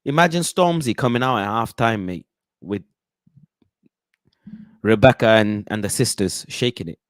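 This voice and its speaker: A man from the UK hosting casual football chat, animated and slangy, often breaking into chants and impressions. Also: fairly low pitch, moderate pace, dry recording. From United Kingdom. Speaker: football channel host.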